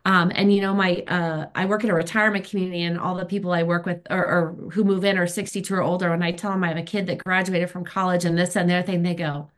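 A woman's voice: on the low side, fairly even intonation, fast, hardly any pauses. Woman in her fifties, candid and emphatic recovery share, chatty with fillers. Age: 50s. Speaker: recovery meeting speaker.

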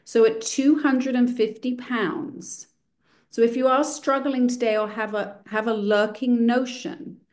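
A woman's voice: a little high, steady tone, unhurried, darkish tone. Woman giving a wry, candid recovery share. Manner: candid, wry and self-mocking. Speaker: speaker sharing a recovery story. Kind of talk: personal testimony at a recovery meeting.

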